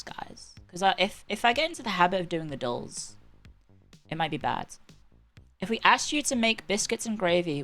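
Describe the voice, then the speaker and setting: A woman's voice: lowish voice, a bit bright. A woman with a British accent, livestreaming and chatting casually in a sarcastic, bantering, rambling way. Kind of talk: casual chat.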